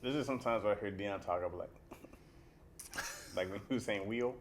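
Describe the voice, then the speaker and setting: A man's voice: fairly low pitch, fairly quick, background noise. A man co-hosting a comedy podcast, firing off teasing questions and ribbing the others in casual chat. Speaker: podcast co-host.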